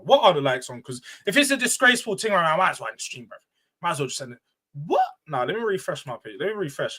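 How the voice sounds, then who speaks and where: A high, bright-toned man hosts a casual football live stream. He is loud and emotional, going off on a rant before bringing the tone back down. His delivery stays animated and conversational. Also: low-quality recording. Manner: loud, emotional and animated, ranting then calming down. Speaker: livestream host.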